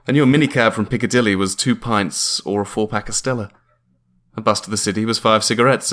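A man's voice: fairly low pitch, fairly bright tone. A man narrating a memoir audiobook in a dry, wry, understated way.

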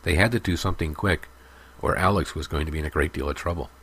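A man narrating a story in a steady, even audiobook style. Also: extremely low pitch, fast talker, slightly rough.

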